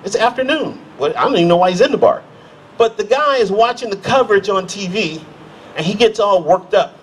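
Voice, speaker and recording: A middle-aged American man performing stand-up on a comedy stage. His voice sits high for a man, and he tells stories with quick character voices woven in. A faint room noise hums underneath. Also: lively intonation. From United States.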